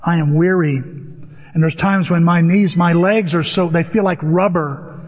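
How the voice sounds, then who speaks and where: An older man preaching a sermon as pastor, telling stories in an animated way and acting out the voices of people in them. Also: on the high side, measured pace, husky, long reverb tail, lo-fi sound. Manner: animated storytelling with acted-out voices.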